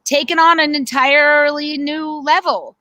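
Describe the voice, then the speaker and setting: A woman on a video call, talking in a heartfelt, halting way with frequent restarts. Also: high-pitched, fairly even intonation, sharp tone, low-quality recording. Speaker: guest. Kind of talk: casual chat on a video call.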